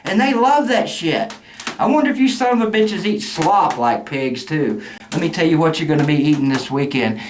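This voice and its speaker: A man's voice: on the high side, expressive, moderate pace. Cussing man ranting, roomy echo. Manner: angry, cussing, loud outbursts. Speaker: sports fan vlogger. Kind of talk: profane ranting fan rant. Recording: roomy echo, faint noise.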